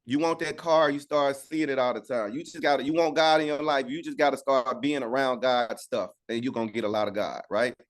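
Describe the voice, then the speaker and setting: A man's voice: medium pitch, fairly even intonation, a little fast, few pauses. A man teaching an informal Bible study on a video call, talking conversationally and asking "right?" again and again. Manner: conversational, repeats "right?" for agreement.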